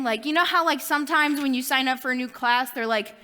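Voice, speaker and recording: Bright young woman giving a youth talk. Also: high-pitched, normal speed, big-room sound. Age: young adult. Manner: chatty, self-deprecating asides. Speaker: youth ministry speaker.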